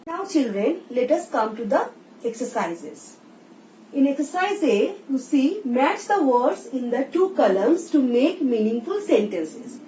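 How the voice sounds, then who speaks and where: A woman teacher with an Indian English accent, slowly explaining a recorded English lesson and reading example sentences aloud. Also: sits high, sing-song, warm tone. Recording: roomy, distant, dull sound with faint hiss.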